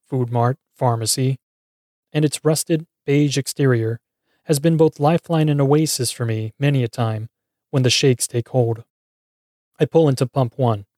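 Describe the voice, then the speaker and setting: A man narrating a first-person horror story with wry, dramatic timing. His voice is dark and warm, and the recording is dry and close with no room sound. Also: medium pitch, dry recording.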